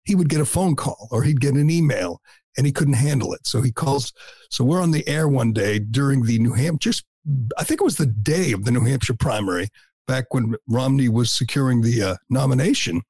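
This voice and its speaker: A man's voice: medium pitch, expressive, brisk, darkish tone, husky, dry recording, clean studio sound. A middle-aged man hosting a talk show, delivering a blunt, combative and scornful opinion monologue.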